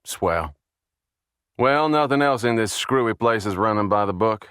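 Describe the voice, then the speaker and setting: A man's voice: on the low side, animated, a little slow, fairly bright tone, smooth, no echo, studio quality. A man reading the lines of a blunt, skeptical male FBI agent in an audiobook. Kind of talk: audiobook character voice.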